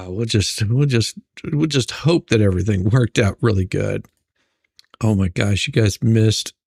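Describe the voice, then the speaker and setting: A man's voice: fairly low pitch, gravelly, a little mellow, no room sound, studio quality. A man hosting a casual livestream, chatting and greeting viewers by name, laughing often. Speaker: livestream host. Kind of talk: casual live-stream chat.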